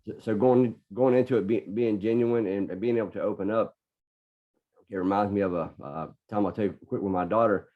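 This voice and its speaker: A middle-aged man appearing as a podcast guest earnestly tells a personal story, often repeating words while collecting his thoughts. He speaks a little fast with a fairly low pitch and fairly even intonation, in dull lo-fi podcast audio.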